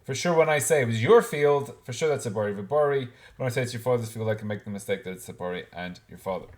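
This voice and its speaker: A man explains Talmud in a relaxed class. His voice sits at a middle pitch, and he works through the material aloud, often restarting and mixing Hebrew and Aramaic terms into plain speech. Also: quick pace. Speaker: Talmud teacher.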